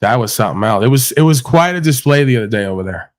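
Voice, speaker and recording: A man's voice: mid-range voice, lively intonation, fast talker. Man, stream host, boastful, rambling, mocking, casual crude banter.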